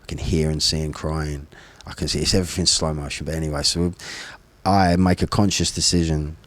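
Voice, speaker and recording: Brief: man in his 40s, deep voice, blunt and animated storyteller who swears a lot, dry close-miked sound. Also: fairly quick, no room sound. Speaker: podcast guest, former bare-knuckle fighter. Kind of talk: casual storytelling conversation.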